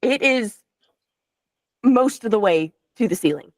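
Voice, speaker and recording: A woman running a tabletop game as game master, describing scenes and rulings in a relaxed, filler-laden way. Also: a little high, measured pace, no echo. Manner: relaxed, explains rules with fillers.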